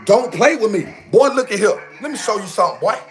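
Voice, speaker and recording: A man's voice: high voice, lively intonation, fast. A man ranting on a livestream in a heated, emphatic way, repeating his phrases again and again. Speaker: live streamer. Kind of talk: casual livestream rant.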